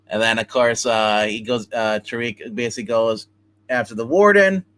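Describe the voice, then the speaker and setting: A man with a mid-range voice hosts a live comic book review stream, speaking a little slowly. He retells a story in a casual, animated way, acting out the characters' lines.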